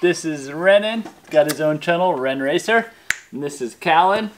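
A man in his thirties hosting a casual product vlog, explaining things in a relaxed, friendly way to his kids and viewers. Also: a little high, normal speed, slight background noise. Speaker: YouTube channel host and dad.

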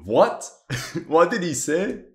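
A man and amateur historian giving lively reaction commentary on a war game, often exclaiming, laughing and sounding incredulous. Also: fairly high pitch, takes it slowly.

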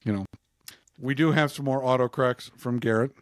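A man's voice: mid-range voice, steady tone, brisk, no room sound, clean studio sound. A man co-hosting a casual podcast chat, laughing often as he reads out jokes. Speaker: podcast co-host.

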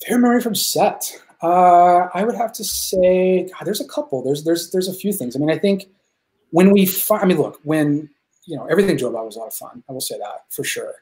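A man talking as a guest filmmaker in a casual interview, excited and rambling, swearing freely as he tells stories. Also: high-pitched, fairly quick.

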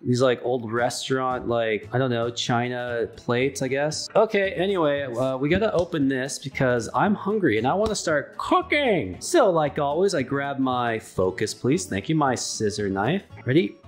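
Rambling home vlogger filmed on a handheld camera, lively and singsong, dropping into coos for the dog. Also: medium pitch, moderate pace, hardly any pauses. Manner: chatty, rambling, coos in baby talk to a pet dog. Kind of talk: casual cooking vlog. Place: house, indoors.

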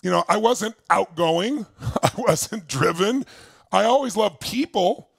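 A gravelly older man tells his story to a crowd with the force of a motivational speaker, his voice sitting a little high for a man. He swings between loud, driving bursts and quiet, close asides, and the sound is dry and close to the mic. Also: expressive, slow pace, no echo. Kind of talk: motivational stage talk.

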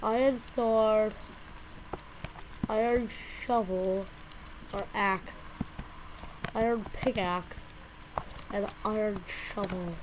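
A woman casually rambling through gameplay commentary, yelping and shouting whenever she loses. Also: mid-range voice, steady tone, slow pace, pauses often, poor audio. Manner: rambling, yelps and shouts at game deaths. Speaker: gameplay video host. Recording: loud background noise.

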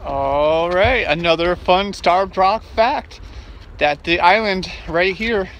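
A man's voice: high-pitched, takes it slowly, a bit bright, a little hiss or hum. A middle-aged man vlogging on a hike, joking and teasing himself in a playful, casual way. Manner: joking, self-mocking, playful. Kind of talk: casual vlog chat. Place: outdoors at a state park.

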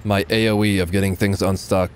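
A man's voice: low-pitched, flat delivery, a little fast, background noise. A man giving casual, joking live commentary while playing a game. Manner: joking, sarcastic, laughs often. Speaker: gaming livestreamer.

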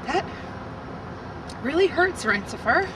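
A woman's voice: high voice, very animated, takes it slowly, far from the mic, background noise. A woman ventriloquist speaking in a prim, earnest, patient way. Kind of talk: comedy ventriloquist act.

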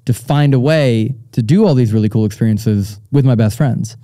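A man's voice: medium pitch, moderate pace, dry recording. A young man hosting a live audience Q&A, talking casually and rambling with frequent fillers and restarts. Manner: relaxed and rambling, many fillers and restarts, laughs often. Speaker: show host. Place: stage at a live audience event.

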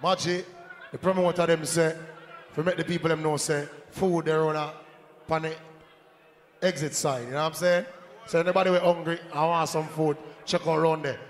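A man with a Jamaican accent hyping a live dance as sound system selector, shouting and joking with the crowd over a handheld mic. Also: fairly high pitch, fairly even intonation, a little fast. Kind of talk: live hype talk at a dance. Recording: echoey hall, faint crowd noise.

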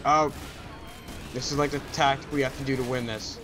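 A man giving casual co-op gameplay commentary, chatty and jokey, with quick exclamations as the action unfolds. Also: mid-range voice, steady tone, noisy background. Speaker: gamer.

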